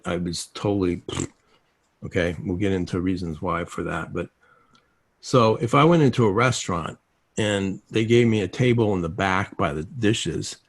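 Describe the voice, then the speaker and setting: Gravelly, husky man teaching. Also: deep voice. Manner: animated storytelling, acts out quoted dialogue. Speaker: self-help speaker. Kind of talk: casual teaching talk. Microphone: video call.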